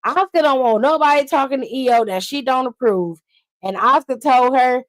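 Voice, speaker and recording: A woman's voice: high-pitched, moderate pace, no echo, low-quality recording. A woman hosting a casual wrestling aftershow stream, recapping matches in a sassy, profane way and laughing often.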